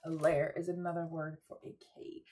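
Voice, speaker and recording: A young woman teacher reading a picture book aloud to children in a rhythmic, expressive way, pausing to ask them questions. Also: low-pitched. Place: cozy room at home.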